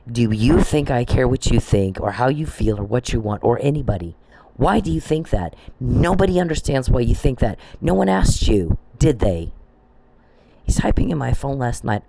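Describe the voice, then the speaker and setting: Gravelly-voiced man on a profane rant. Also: medium pitch, darkish tone, slight background noise. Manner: profane, confrontational, addresses people directly; repeats and restarts phrases. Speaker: vlogger. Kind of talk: angry ranting monologue.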